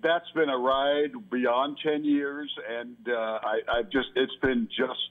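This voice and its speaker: A man's voice: mid-range voice, fairly even intonation, slow pace. An older man from New York, a sportscaster guest, giving long run-on answers full of restarts in a casual radio interview. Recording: tinny phone line.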